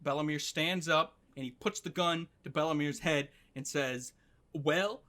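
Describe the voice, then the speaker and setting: On his podcast, a young man recaps an anime story casually and with animation, briefly voicing characters and swearing. His voice is a bit high, at a moderate pace.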